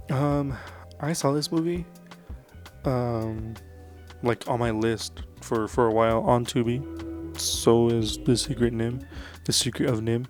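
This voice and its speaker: Casual male vlogger at mid pitch, rambling and earnest, over faint music. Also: steady tone, unhurried, long pauses. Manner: loose and rambling, full of "like" and "um" fillers; earnest and enthusiastic about films. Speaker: vlogger reviewing movies. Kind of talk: casual movie review chat.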